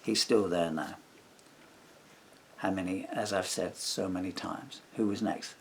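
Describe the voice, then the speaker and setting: A man's voice: deep voice, steady tone, unhurried, gravelly, a little hiss or hum. A man telling a long grievance in a personal vlog, rambling and indignant, acting out what others said. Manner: indignant, rambling retelling with acted-out quotes. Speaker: vlogger.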